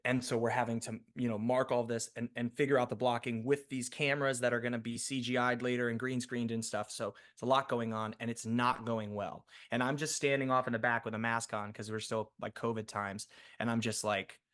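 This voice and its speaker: Animated male actor telling a story. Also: mid-range voice, a little fast, hardly any pauses. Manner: animated, chatty storyteller with frequent fillers and restarts. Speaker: actor and podcast guest. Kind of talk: casual storytelling interview.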